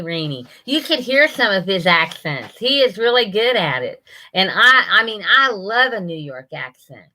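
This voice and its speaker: A woman's voice: mid-range voice, pushed and bright. An older woman hosting a casual live stream, chatting with viewers and greeting them by name, often laughing.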